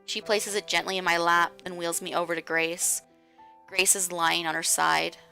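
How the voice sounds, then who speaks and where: A woman streamer reading a visual novel aloud in a slow, hushed way. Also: lowish voice, level tone, creaky, faint music behind. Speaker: game streamer.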